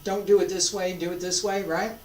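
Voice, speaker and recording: Delivering flat, medium-pitched instructions, this martial arts teacher leads a class through slow breathing cues, tossing in an easygoing "all right?" and "okay?" during demonstrations. The mic sits far off in a roomy space.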